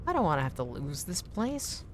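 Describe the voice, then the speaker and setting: A woman's voice: sing-song, a little hiss or hum. Frustrated woman streamer swearing at a game. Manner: swears often, quick to frustration; pitch jumps high when annoyed. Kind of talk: live gameplay commentary.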